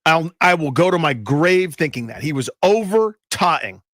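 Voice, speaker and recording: A man's slightly high voice moves up and down with lively pitch as he argues firmly on a sports talk show. He speaks in a casual, opinionated way. The sound is close and dry. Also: moderate pace, dry recording. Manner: emphatic, opinionated. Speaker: sports radio co-host.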